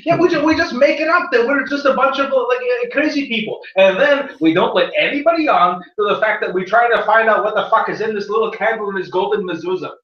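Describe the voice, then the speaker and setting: A man playing a tabletop game with friends, excitable and swearing freely. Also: high voice, quick pace, few pauses. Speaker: player. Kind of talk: casual chat at a game table. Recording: echoey, distant, dull room recording.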